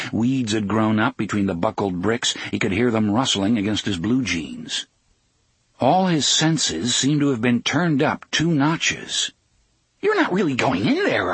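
A man narrates a story with a very husky, breathy voice, measured and unhurried, easing off the pace at tense moments. The sound is close and dry, with no room around it. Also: lowish voice, a bit bright, dry recording. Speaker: audiobook narrator. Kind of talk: scripted narration.

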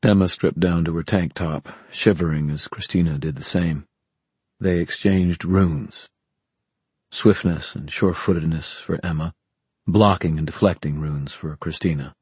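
Deep-voiced male audiobook narrator. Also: darkish tone, slightly rough, dry recording. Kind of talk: scripted narration.

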